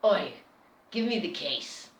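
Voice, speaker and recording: A woman voicing a big, friendly Scottish man who works at a club, loud and blunt, with a Scottish accent. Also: high voice, animated, slow pace. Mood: gruff. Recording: roomy echo.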